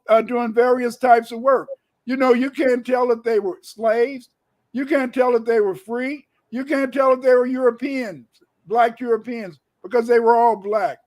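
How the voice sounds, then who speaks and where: Emphatic male lecturer, high voice, repeats himself for stress. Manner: emphatic, rising to shouts, repeats phrases. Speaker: guest lecturer. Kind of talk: lecture-style talk reading old documents.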